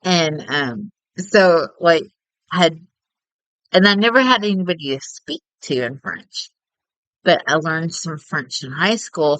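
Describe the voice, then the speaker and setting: A woman's voice: low voice, fairly bright tone, no echo, rough recording. A middle-aged woman chatting casually while playing a game, rambling and giggling often. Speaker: gameplay streamer.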